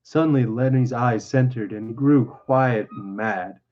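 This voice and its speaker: A man narrating a novel aloud on a stream in a steady, lowered voice. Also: a little slow. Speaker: reader. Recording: dull lo-fi.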